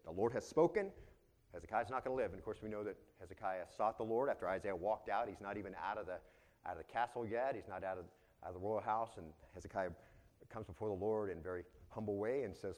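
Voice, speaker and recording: A man's voice: fairly low pitch, fast talker, a little mellow. A man pastor preaching an expository sermon in a conversational way, often tossing rhetorical questions back to his listeners.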